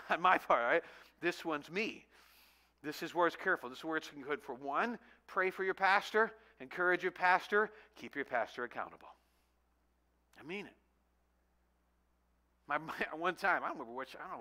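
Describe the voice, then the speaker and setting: A pastor in his forties preaching a sermon, telling self-mocking stories with animated humor. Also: fairly high pitch, a little fast.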